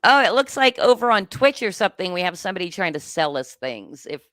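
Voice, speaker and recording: A woman's voice: mid-range voice, very animated, fast, fairly bright tone, no room sound. Female host, chatty and easily flustered, dry close sound. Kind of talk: casual chat.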